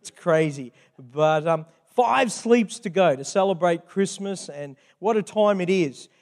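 A man's voice: high voice, lively intonation, a little slow, a little mellow. A man with an Australian accent, preaching as a guest pastor and joking with the congregation. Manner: jovial, banters with the congregation. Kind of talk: sermon. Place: church hall with long reverb. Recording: echoey church hall.

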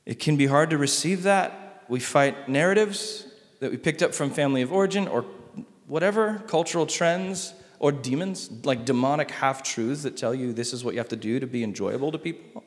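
A male pastor preaching a sermon, swinging between loud emphatic lines and soft hushed ones. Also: medium pitch, normal speed, long reverb tail.

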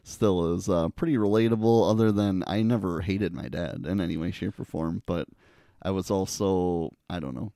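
A man's voice: low-pitched, moderate pace, gravelly, dark tone, no echo, clean studio sound. A young man on a podcast, laid-back and chuckling, talking casually about growing up. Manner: laid-back, short agreeing replies, chuckles. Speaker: podcast co-host.

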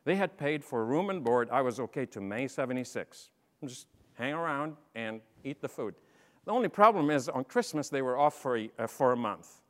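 Middle-aged man, animated, humorous keynote speaker; long reverb of a large hall. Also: medium pitch, moderate pace. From Lebanon. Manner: animated, humorous, acts out dialogue. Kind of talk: storytelling talk to an audience.

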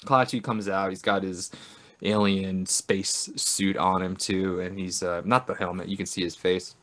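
A man's voice: low voice, little pitch movement, measured pace, fairly bright tone. A man casually recapping an old film on a podcast, loose and profane, often acting out the characters' lines. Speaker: podcast co-host.

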